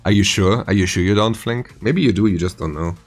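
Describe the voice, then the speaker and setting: A man in his forties hosting a casual live stream, animated and teasing, laughing often. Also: on the low side, a little fast, faint music behind. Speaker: streaming host.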